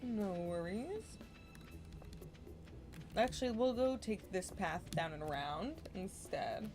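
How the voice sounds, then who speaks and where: A woman chats casually through a cozy game session, her talk relaxed and easygoing and full of small self-deprecating asides. Her voice sits at an ordinary middle pitch, and soft game music plays faintly behind her. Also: slow pace. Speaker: gaming streamer. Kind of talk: casual gameplay commentary.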